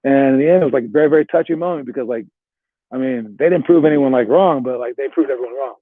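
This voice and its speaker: A man's voice: medium pitch, fast, no room sound. A man coaching basketball players, giving a rambling motivational talk full of "all right" and "like" before walking them through a drill. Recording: dry, tinny phone-like sound.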